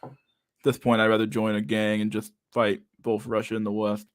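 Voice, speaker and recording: Man, 30s, live-stream host, reading chat aloud, casual and profane, low voice, monotone. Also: moderate pace, dry recording, studio quality. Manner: casual, profane, says "dude" a lot, reads comments aloud.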